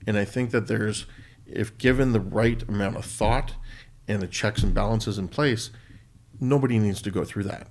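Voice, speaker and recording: A middle-aged man co-hosting a podcast, talking in a thoughtful, halting way with restarts. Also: lowish voice, a little mellow. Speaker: podcast co-host. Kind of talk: casual conversation.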